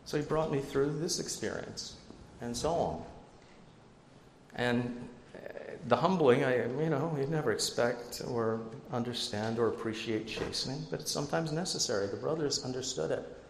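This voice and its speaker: A man's voice: medium pitch, moderate pace, slight background noise. Chatty male pastor in an echoey hall. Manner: conversational, self-deprecating asides. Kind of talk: sermon. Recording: echoey hall with long reverb, faint ambience.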